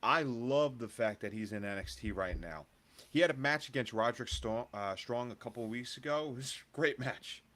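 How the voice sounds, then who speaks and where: A man's voice: mid-range voice, fairly quick, fairly bright tone. A man co-hosting a casual wrestling review podcast, upbeat and joking with plenty of fillers. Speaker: podcast co-host.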